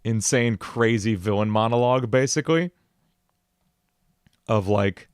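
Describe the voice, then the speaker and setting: A man chats casually through a music livestream, rambling with plenty of fillers and quick laughs. His voice is on the lower side, and it sounds close and completely dry, with no room echo. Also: fairly even intonation, smooth.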